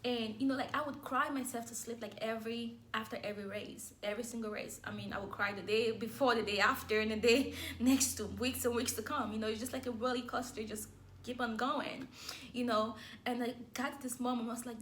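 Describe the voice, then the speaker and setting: A young woman with a high voice tells her own faith story. She speaks openly and with feeling, and short laughs slip in between the words. It sounds like a personal, heartfelt testimony. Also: steady tone, fairly quick, a bit bright, a little hiss or hum. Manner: candid and emotional, with light laughs.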